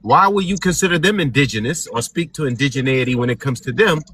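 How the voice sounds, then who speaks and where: A man's voice: medium pitch, expressive, fast, fairly bright tone, a little hiss or hum. A man arguing his point in a casual panel discussion. He repeats points for emphasis and acts out the questions people ask him.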